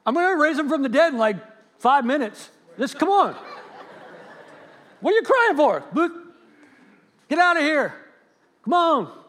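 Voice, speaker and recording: Brief: man acting out a dismissive, impatient guy, high and a bit loud. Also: very animated, a little slow, pauses often, exaggerated voice. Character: exasperated man brushing off mourner.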